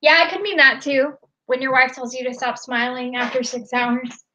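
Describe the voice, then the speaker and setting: A woman's voice: high-pitched, fairly even intonation, normal speed, sharp tone. A woman co-hosting a casual live stream, reading viewer comments aloud in an upbeat way. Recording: dull lo-fi stream audio.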